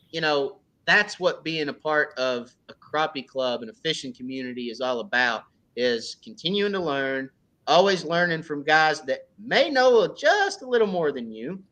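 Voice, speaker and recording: A man from the United States chats casually about running a fishing club. His voice sits fairly high and bright. He tells stories with lively quoted dialogue. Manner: storytelling, animated when quoting others. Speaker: crappie club organizer. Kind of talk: casual podcast chat.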